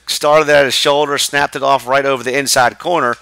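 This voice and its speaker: A man calling a high school baseball game play by play from the press box, brisk and chatty. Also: fairly even intonation, vocal fry, sharp tone, smooth. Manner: brisk, chatty, laughs with partner. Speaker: play-by-play announcer. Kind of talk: live baseball play-by-play commentary.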